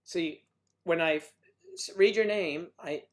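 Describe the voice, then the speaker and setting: A man hosting a livestream, chatting casually with viewers and joking about their names and hometowns, switching between loud bursts and quiet asides. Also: on the high side, a little slow. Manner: playful, jokey, riffing on viewers' names and places. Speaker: livestream host. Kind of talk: casual chat reading viewer comments.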